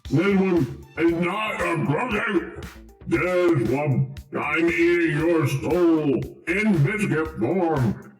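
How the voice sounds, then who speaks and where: A man voicing the demon Pinhead, speaking with slow, mock-solemn menace while chewing. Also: on the high side, soft background music, pitched below the performer's own voice. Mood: mock-menacing. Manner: slow, deliberate, mock-solemn with mouth full. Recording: echoey, distant from the mic.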